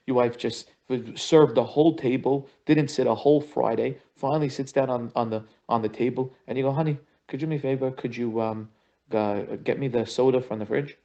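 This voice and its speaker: A man's voice: mid-range voice, vocal fry. Rabbi guy teaching a marriage class, acts out the dialogue, kinda dull lo-fi sound. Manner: expressive, acts out quoted conversations, repetitive emphatic phrasing. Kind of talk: animated Torah lesson with acted-out dialogue. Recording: dull lo-fi audio.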